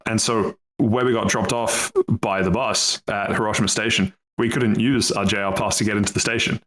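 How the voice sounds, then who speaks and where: A man's voice: lowish voice, steady tone, normal speed, a bit bright, low-quality recording. A young man chatting casually on a podcast, rambling with lots of fillers, laughing often and swearing freely. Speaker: podcast co-host.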